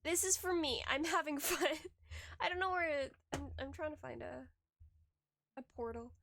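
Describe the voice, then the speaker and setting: A woman's voice: high-pitched, normal speed, gravelly, a bit bright. A woman streamer chatting casually while she plays, rambling and restarting her sentences with little giggles. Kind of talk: casual live-stream chat while gaming. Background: faint background music.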